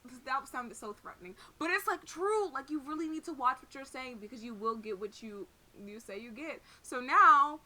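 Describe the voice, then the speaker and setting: Young podcast cohost girl, pretty high voice, super animated and swears a bunch. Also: moderate pace, hardly any pauses. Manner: animated, laughing, profane storytelling. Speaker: podcast co-host. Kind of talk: casual podcast chat.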